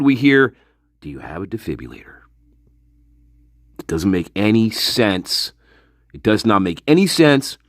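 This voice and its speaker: A man's voice: medium pitch, no room sound, clean studio sound. A man hosting a casual livestream, ranting emphatically with profanity and rhetorical questions, and greeting chat viewers by name. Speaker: livestream host.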